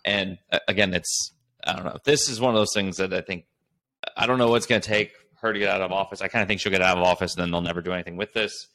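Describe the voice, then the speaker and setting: A man co-hosting a podcast, talking in a relaxed, thoughtful, casual way. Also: low-pitched, quick pace. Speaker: podcast co-host. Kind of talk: casual political chat.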